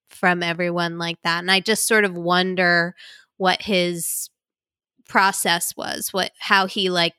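A woman's voice: lowish voice, pushed and bright, clear, resonant tone, no room sound, studio quality. A young adult woman speaking thoughtfully in casual chat, reflective and a little hesitant.

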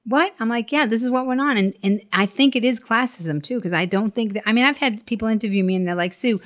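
A woman guest on a chat show, talking in a rapid, animated way, acting out quotes in her stories. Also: fairly high pitch. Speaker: comedian guest. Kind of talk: casual chat.

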